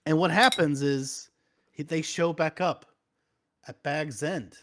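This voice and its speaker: Brief: man, slightly high voice, rambling stand-up storyteller in a casual chat. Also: slow pace, a bit bright. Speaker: comedian guest.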